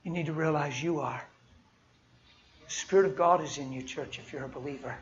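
A man preaching a sermon and telling personal stories, speaking emphatically and swinging from soft, quiet moments to loud, forceful passages. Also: on the high side, fairly quick, dull audio.

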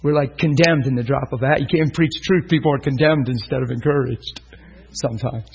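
A man's voice: mid-range voice, fairly even intonation, brisk, gravelly, husky, rough recording. A man preaching a sermon, telling a story and acting out the voices of the people in it. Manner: storytelling, acts out voices in quotes.

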